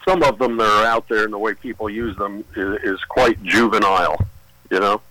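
A man calling in to a radio show, speaking in a measured, opinionated way. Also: lowish voice, fairly even intonation, sharp tone, rough recording. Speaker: caller. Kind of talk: call-in radio chat.

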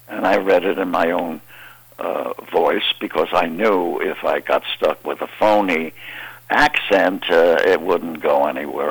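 An older man recounts his career in an interview, wandering through his stories with frequent pauses. His voice sits very low, with a gravelly, husky grain. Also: low-quality recording. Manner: halting, meandering anecdotes. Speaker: actor guest. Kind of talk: interview storytelling.

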